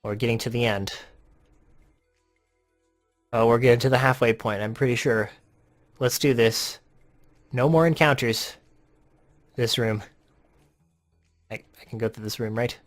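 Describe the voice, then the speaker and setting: A man casually commenting while playing a story game, with quiet muttered asides. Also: mid-range voice, fairly even intonation, measured pace, pauses often, soft background music. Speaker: let's play host.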